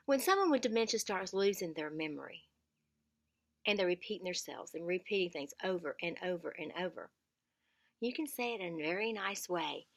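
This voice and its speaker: A woman's voice: lowish voice, animated, a little fast. A middle-aged woman, giving earnest caregiving tips in a casual vlog and repeating words for emphasis.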